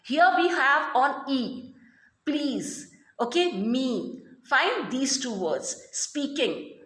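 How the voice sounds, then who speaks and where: High, lively Indian woman teaching. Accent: Indian English. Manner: explains slowly with many "okay" and "fine". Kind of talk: recorded online class lesson. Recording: roomy echo.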